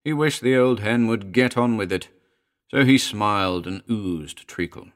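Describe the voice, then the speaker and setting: Deep-voiced man narrating a story. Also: measured pace. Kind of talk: scripted audiobook narration.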